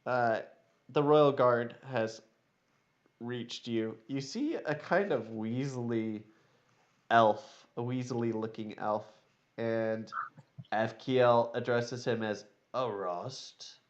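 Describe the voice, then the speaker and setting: A man narrating as dungeon master in a tabletop game, unhurried, with fillers, on a dull lo-fi recording. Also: medium pitch.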